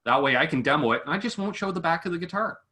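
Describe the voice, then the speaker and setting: A man chats casually about making guitar gear videos. His voice is bright and forward. He talks with animation and slips into quick impressions of the people he quotes. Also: on the high side, expressive. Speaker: guitar gear demo creator. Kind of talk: casual chat between online creators.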